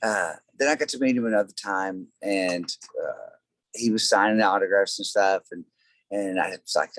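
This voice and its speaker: Low-voiced man telling rambling stories. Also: moderate pace, dry recording, poor audio. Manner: rambling storyteller, many fillers. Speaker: guest, tribute band singer. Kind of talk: casual interview chat.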